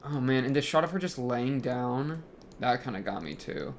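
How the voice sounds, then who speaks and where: A man's voice: mid-range voice, expressive, moderate pace, a little hiss or hum. A young man hosting an anime reaction, talking casually and rambling, full of fillers as he thinks aloud.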